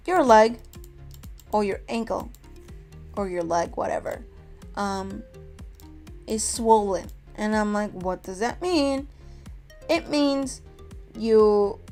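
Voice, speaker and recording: A young woman vlogger telling a story in a casual, animated, profane way, acting out the people she quotes. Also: mid-range voice.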